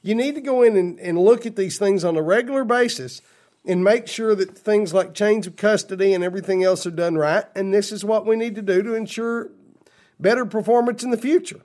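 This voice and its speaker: A man's voice: high-pitched, brisk, a little mellow. Opinionated radio talk host man. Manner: blunt, opinionated, reads quotes aloud with asides. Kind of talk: political talk radio monologue.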